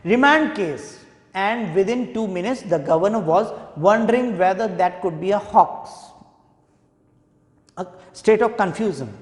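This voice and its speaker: A male teacher with an Indian English accent, reading a textbook chapter aloud and explaining it, slowly repeating key points to students. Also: sits high. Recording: echoey hall with long reverb.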